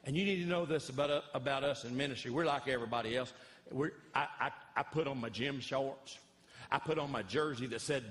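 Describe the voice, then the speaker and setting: A man's voice: medium pitch, a little fast, slight background noise. Folksy man telling stories on stage. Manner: folksy, animated, acts out voices of others. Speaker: Christian comedian. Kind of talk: live stand-up storytelling. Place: church hall with a live audience.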